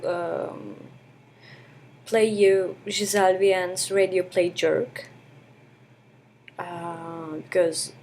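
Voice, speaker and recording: A woman hosting a radio show speaks very slowly and haltingly. She keeps stopping on ums as she introduces her segment, in a slightly low voice. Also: a little mellow, a little hiss or hum. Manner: hesitant, with many ums and restarts. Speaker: radio host. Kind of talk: casual spoken introduction.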